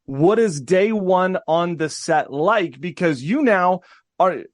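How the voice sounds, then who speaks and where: A man co-hosting a podcast, asking interview questions in a playful, animated way. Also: high-pitched, slow pace, no room sound, studio quality. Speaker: podcast co-host.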